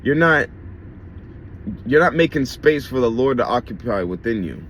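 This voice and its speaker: A man's voice: medium pitch, lively intonation, moderate pace, fairly bright tone, slight background noise. A man preaching a casual sermon in a blunt, conversational way, with swearing and slang.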